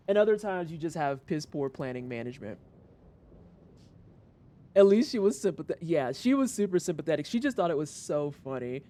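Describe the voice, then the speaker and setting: A young adult livestreamer chatting casually to viewers, retelling a work story with animated swings and casual swearing. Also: medium pitch, a little fast.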